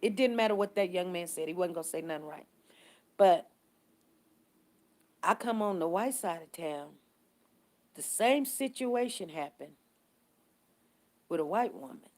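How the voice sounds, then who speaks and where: Animated woman vlogger telling stories. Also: lowish voice, unhurried, pauses often. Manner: animated, conversational storytelling that repeats its points. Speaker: vlogger talking to live viewers. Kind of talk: casual live-stream commentary.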